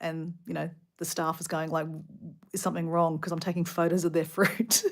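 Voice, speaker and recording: A middle-aged Australian woman rambling casually about her day, chatty and animated, full of asides. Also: low-pitched, brisk, creaky. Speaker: vlogger. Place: hotel room.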